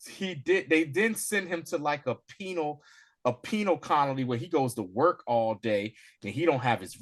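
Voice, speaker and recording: A man's voice: mid-range voice, fairly bright tone. A man co-hosting a casual recap chat, retelling scenes with acted-out lines and laughter. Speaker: podcast co-host.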